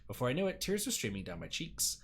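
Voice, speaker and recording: A man's voice: mid-range voice, very animated, quick pace, a bit bright, a little hiss or hum. A man streaming a visual novel, reading its narration aloud with jokey asides and casual commentary.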